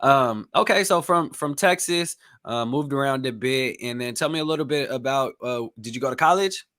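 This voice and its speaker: A young man hosting a podcast with a bright, forceful voice. He talks in a relaxed, rambling way, full of "um" and "like", at a mid pitch. Casual interview chat. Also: moderate pace. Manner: relaxed, rambling, lots of fillers. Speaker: podcast host.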